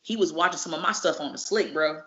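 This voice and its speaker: A woman, a professional wrestler, telling stories in a casual interview, animated and profane, acting out each exchange. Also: sits low, fast. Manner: animated, profane, acts out dialogue. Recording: muffled lo-fi recording.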